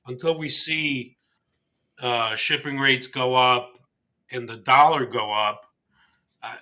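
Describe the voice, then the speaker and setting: A man with a very bright, sharp tone walks through market charts on a trading show. He explains at a medium pitch, hedging with "I mean" and "like" as he goes. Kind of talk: casual market chat.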